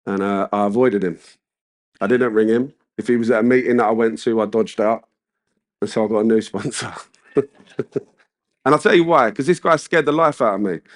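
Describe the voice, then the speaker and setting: A man's voice: fairly low pitch, fairly quick, long pauses. A man with a British accent giving a personal recovery share as main speaker, chatting in casual slang with many asides. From United Kingdom.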